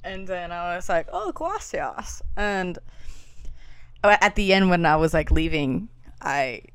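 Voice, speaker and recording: Giggly young woman, lowish dry voice. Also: fairly even intonation, a little slow, clear, resonant tone, no room sound. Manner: giggly storytelling, acts out quoted voices. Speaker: podcast co-host. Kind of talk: casual chat.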